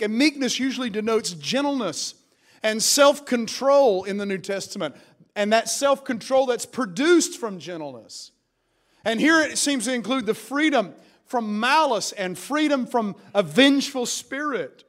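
Fervent preacher man, high voice. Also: animated, a little slow. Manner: fervent, swings from hushed to loud. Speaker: pastor. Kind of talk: sermon.

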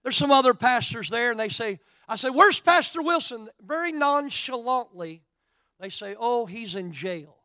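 A middle-aged man from Oklahoma with an Oklahoma accent, preaching a sermon and telling a story, shifting from quiet asides to loud, emphatic preaching. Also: very high-pitched, lively intonation, moderate pace, no room sound. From Oklahoma, USA.

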